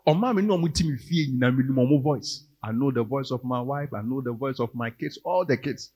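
A man with a Ghanaian accent preaching a sermon, moving between English and Twi and rising to loud, emphatic calls. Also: medium pitch, a little fast, long reverb tail. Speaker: pastor.

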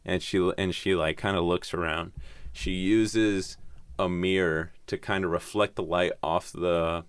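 A man's voice: low-pitched, steady tone, a little slow, clean tone, dry recording. A man casually retelling a horror story, rambling and swearing, with lots of "like". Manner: rambling, profane, heavy use of "like".

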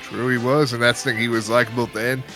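A man's voice: mid-range voice, level tone, fast, pushed and bright, faint music behind. Laid-back man co-hosting wrestling chat. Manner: laid-back, swears casually. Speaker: podcast co-host.

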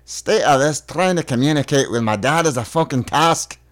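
A man's voice: fairly high pitch, expressive, normal speed, natural voice. A man doing a put-on Scottish accent, reading crude comic posts as a brash swearing Scot. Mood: cheeky, crude. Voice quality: raised, punchy and crude. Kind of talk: comic read-aloud of posts.

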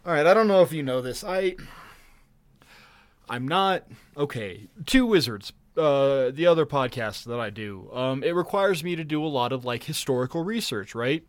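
A man's voice: medium pitch, lively intonation, normal speed, no room sound. A man co-hosting a podcast, telling a long story in a rambling, profane way full of restarts. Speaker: podcast co-host. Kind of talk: casual chat.

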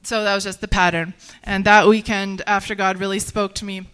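A woman tells her personal faith story in an earnest, halting way, circling back and restarting her sentences. Her voice is smooth and clear, sitting at an ordinary middle pitch. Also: flat delivery, a bit bright. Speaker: guest sharing a personal testimony. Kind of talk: personal testimony in conversation.

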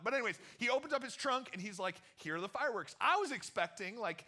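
Young male youth pastor, casual joking sermon, bright forceful tone. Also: high voice, quick pace, hardly any pauses. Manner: energetic, animated, jokey, acts out quotes. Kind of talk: casual storytelling sermon to teens.

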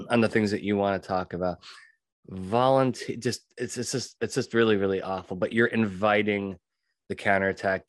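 A man hosting a solo podcast, talking emphatically, repeating key phrases and often clearing his throat. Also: fairly low pitch, no echo, studio quality. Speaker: podcast host and witness trainer.

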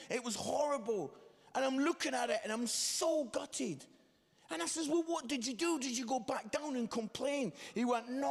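A man preaching a sermon, telling a story with lively, animated delivery and quoted voices. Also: very high voice, gravelly. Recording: long hall reverb.

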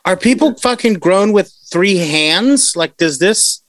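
Young male podcast host, rowdy late-night banter, high bright voice. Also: slow pace. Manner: excitable, swearing, laughing often.

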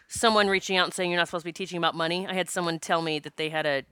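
A middle-aged woman telling a personal story in a casual, animated way, with swearing and laughter. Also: fairly low pitch, quick pace, clean tone, no echo. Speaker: author and speaker.

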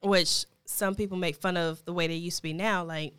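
A woman co-hosting a casual podcast chat, playful and teasing, with quick asides. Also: lowish voice, fairly even intonation, a bit bright, clean tone, no room sound.

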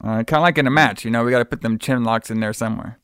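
A man's voice: medium pitch, racing, a bit bright, smooth, no room sound, studio quality. A man on a podcast recapping a movie in casual chat, rambling and repeating words as he acts out bits of dialogue. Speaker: podcast co-host.

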